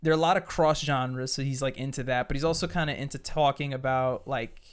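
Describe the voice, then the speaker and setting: Podcast guy, clear smooth voice, rambly and hyped, swears a lot. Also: mid-range voice, fairly even intonation, a little fast. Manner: rambling, enthusiastic, heavy on fillers and swearing. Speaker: podcast host. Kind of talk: casual chat.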